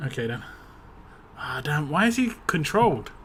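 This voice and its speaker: A young man streams a game, chatting loosely and rambling between laughs, his voice a little rough from a drink. His tone is bright and forceful, pitched a touch high, with a casual, chatty flow. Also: sing-song, normal speed, slight background noise. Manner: rambling, chatty, laughs often, reads chat aloud. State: voice a bit rough after a drink. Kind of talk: casual live-stream chat.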